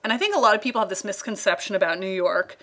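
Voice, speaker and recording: A woman's voice: medium pitch, rapid-fire, a bit bright. Chatty rambling American woman. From United States. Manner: chatty, rambling, lots of fillers. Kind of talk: casual chat.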